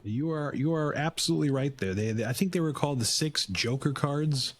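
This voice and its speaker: A man's voice: a little high, a little fast, dry recording. A man co-hosting a podcast, talking in a laid-back way with hesitant restarts. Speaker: podcast co-host. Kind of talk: casual wrestling chat.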